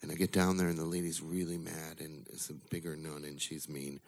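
Storyteller: man, low voice with a creaky grit, casual and wry, swears freely, live bar story night. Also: level tone, fairly quick, a little mellow. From Illinois. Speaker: storyteller at a bar open mic.

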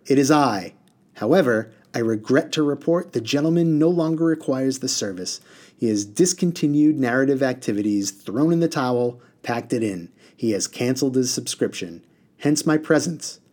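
A man's voice: medium pitch, a little mellow. A man voicing a small, cross, blue-bearded male water genie who rattles off strings of stock phrases.

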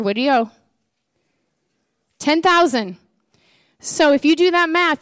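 A woman preaching a sermon, telling a parable with playful, animated rhetorical questions. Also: high voice, no room sound, studio quality. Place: church.

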